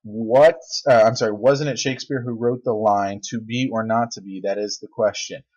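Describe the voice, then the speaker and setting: Male instructor at a desk, animated and wry, slightly low voice, muffled recording. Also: moderate pace. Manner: animated, joking, exasperated asides. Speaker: teacher. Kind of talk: recorded video lecture. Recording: dull lo-fi recording.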